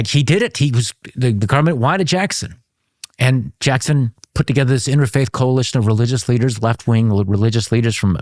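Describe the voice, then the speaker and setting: A man who served as a congressman, talking as an interview guest and telling an anecdote in an animated way, with frequent restarts and bursts of laughter. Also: fairly low pitch, no echo, clean studio sound. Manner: speaks the language of his father's homeland. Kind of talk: storytelling in a conversational interview.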